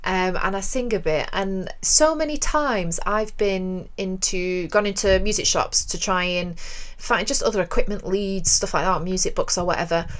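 A woman's voice: mid-range voice, normal speed. A woman co-hosting a radio show, chatting casually and telling frank, self-mocking stories. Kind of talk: casual chat.

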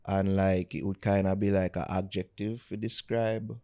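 A man's voice: low voice, flat delivery, normal speed, dark tone. A Jamaican man co-hosting a podcast in casual chat, laid-back and slipping into patois. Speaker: podcast co-host.

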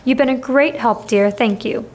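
Lady reading as a hurt old tea shop lady, raspy and strained, talks kinda high. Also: moderate pace, a little mellow, natural voice. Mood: pained. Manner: tight, pained. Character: injured old woman tea shop keeper.

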